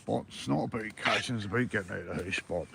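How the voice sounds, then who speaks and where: Gravelly, lowish and fast, the voice belongs to a Northern Irish angler livestreaming beside the water, and the recording is very noisy. He talks casually to his viewers, swears liberally and addresses them as mate.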